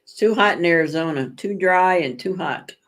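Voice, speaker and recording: This livestream host speaks at a normal pace in a lowish, fairly bright voice. Chatting casually with viewers, she rambles through stories, corrects herself along the way, and leans on dramatic emphasis.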